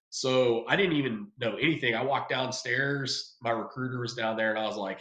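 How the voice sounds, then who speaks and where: A man's voice: mid-range voice, a little fast, few pauses, muffled recording. A man in his forties, a retired soldier, telling a story in a casual podcast chat and acting out the people he quotes. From United States. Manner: animated, acts out quoted voices, swears freely. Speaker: podcast guest. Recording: echoey room.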